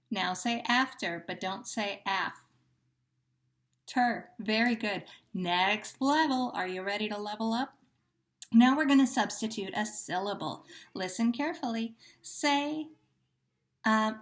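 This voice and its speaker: A woman teacher leading a phonemic awareness drill, patient and carefully enunciating each syllable. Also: mid-range voice.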